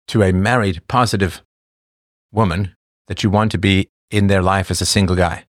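A middle-aged man speaks fairly quickly in a fairly low voice while hosting a casual livestream. He gives viewers blunt advice, chats, laughs often and strays off topic, all in clean studio sound without room noise.

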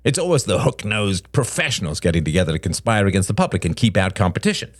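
A man playing a scornful middle-aged father with a gruff, mocking manner in a read-aloud story. The voice is deep, swings through wide, lively pitch, and sits in a dry space right on the mic. He snaps and sneers at his son. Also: fast talker, dry recording. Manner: gruff, mocking, laughs harshly.

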